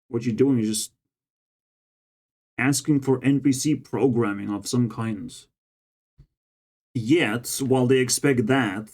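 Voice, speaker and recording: A man's voice: mid-range voice, a little mellow. Brief: man, run down, rambling vlog monologue, exasperated and profane, mid-range voice. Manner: frustrated, profane ranting. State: tired and run down. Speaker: vlogger. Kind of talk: casual rambling monologue to camera.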